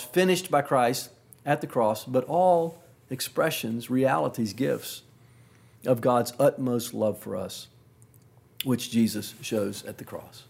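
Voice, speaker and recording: A man preaching a sermon, building slow emphasis through repeated phrases and dropping low and soft on key words. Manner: drops pitch and volume on key words.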